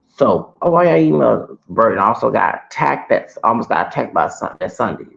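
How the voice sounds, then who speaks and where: A man with a gravelly, fry-heavy voice rants through a personal story, circling back and repeating himself. The sound is dull and lo-fi, and his level keeps jumping between loud bursts and low mutters. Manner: heated, rambling, repeats himself, swings loud and soft. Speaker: vlogger. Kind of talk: ranting personal story to camera.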